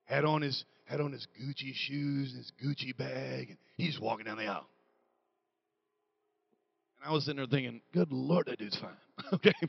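A man preaching a comedic sermon, telling stories with animated quoted voices and building to shouts. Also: medium pitch, normal speed, vocal fry, long pauses, no echo, highs cut off.

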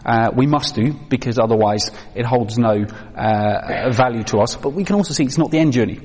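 A man's voice: medium pitch, normal speed, a little mellow, husky. A man giving a training talk on children's faith to a live audience, conversational with many fillers and questions to the room. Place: hall with an audience. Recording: reverberant hall.

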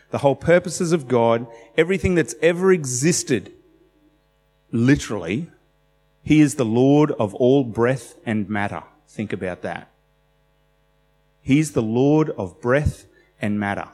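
A man's voice: mid-range voice, expressive, a little slow, darkish tone, in a large hall. A man preaching a sermon in a conversational, emphatic way, telling stories with animation.

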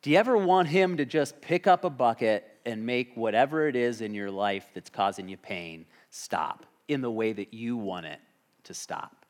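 A man's voice: medium pitch, normal speed. A man preaching a sermon as a pastor, talking conversationally and asking the congregation questions.

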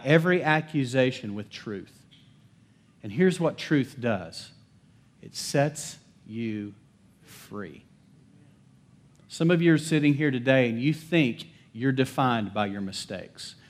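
Emphatic man preaching a sermon. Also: mid-range voice. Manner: emphatic, calls for congregation responses; swings between loud declarations and soft hushed lines. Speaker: pastor. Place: church service.

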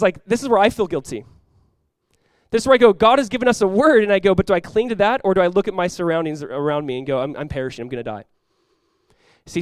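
With a clear, resonant tone and no room sound, a male preacher gives an energetic sermon, voicing quoted characters through big leaps in pitch and loudness.

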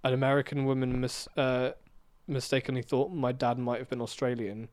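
A man co-hosting a podcast, rambling through a story with restarts and trailing off quietly at the ends of thoughts. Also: mid-range voice, flat delivery, brisk. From England. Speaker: podcast co-host. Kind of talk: casual chat.

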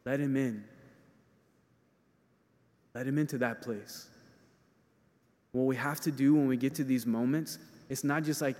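A man preaching a sermon in a lively, animated way, acting out the voices of the people he quotes. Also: medium pitch, unhurried, long pauses, long reverb tail.

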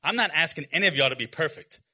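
A man's voice: on the high side, animated, very fast, pushed and bright, breathy edge. A man in his forties giving an informal, earnest sermon to young people, with many fillers and restarts and some self-deprecating humor. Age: 40s. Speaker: youth speaker.

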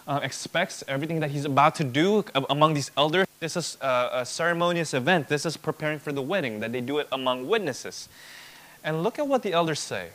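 Lively, emphatic male preacher. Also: fairly high pitch. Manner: emphatic, repetitive rhetorical build-ups. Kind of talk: expository sermon.

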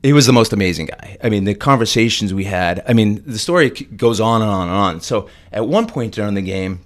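A man's voice: on the low side, a little fast. A man telling a long story as a podcast guest, acting out the quoted lines in a raised voice. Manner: animated, acts out quotes in a raised voice. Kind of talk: casual storytelling.

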